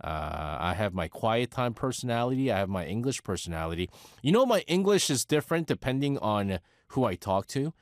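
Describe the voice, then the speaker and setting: Man in his forties, radio host, new york accent, lively up-and-down delivery, chatty, dry close sound. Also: on the low side, brisk, dry recording. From United States. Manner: animated, chatty, laughs often, self-correcting. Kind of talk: casual radio talk, answering a listener letter.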